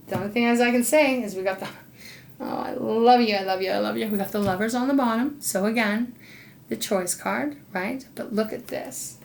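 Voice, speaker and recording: A bubbly woman reads tarot in a casual, effusive monologue, gushing with excitement and dropping to soft murmurs. Her voice sits at an ordinary middle pitch. A faint hiss runs under the recording. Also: gravelly. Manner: talks to spirit, murmurs softly while drawing cards. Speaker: intuitive tarot reader.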